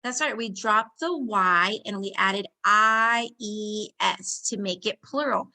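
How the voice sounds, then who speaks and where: Lady teacher doing phonics, sounds out each word slow, bright sharp voice with some gravel. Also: mid-range voice. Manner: slow, encouraging, sounds out words and blends. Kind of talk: phonics lesson for young children.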